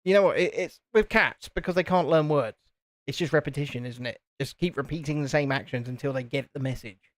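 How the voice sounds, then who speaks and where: A man's voice: a little high, fairly quick, dry recording. A man chatting casually and joking as co-host of a live stream. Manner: joking, rambling. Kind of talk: casual chat.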